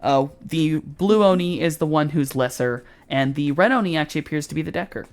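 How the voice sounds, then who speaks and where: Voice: medium pitch, fairly quick. A game master narrating a tabletop role-playing scene in a casual way, with many fillers. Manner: casual, filler-heavy descriptions.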